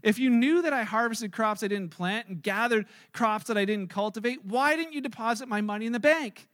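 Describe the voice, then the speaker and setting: A man's voice: sits high, brisk, fairly bright tone. A man voicing a stern male master who reprimands a lazy servant in an indignant, scolding tone.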